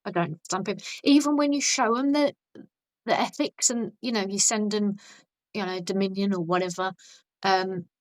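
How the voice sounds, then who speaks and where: A woman guest on a podcast, chatting casually and telling stories in a blunt, animated way with frequent restarts. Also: mid-range voice, normal speed, dry recording, low-quality recording. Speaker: podcast guest, vegan activist.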